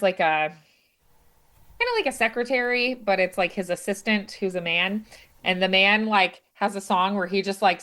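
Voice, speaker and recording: A woman's voice: medium pitch, fairly bright tone. A young woman voice teacher chatting through an opera scene with many fillers, acting out the characters' lines with a raised voice. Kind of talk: explaining an opera scene to a student.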